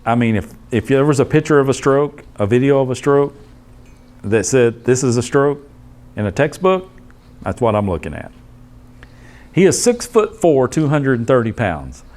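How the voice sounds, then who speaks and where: A man, an EMT instructor telling a case story to his class in a blunt, animated way. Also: medium pitch, moderate pace. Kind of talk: storytelling lecture.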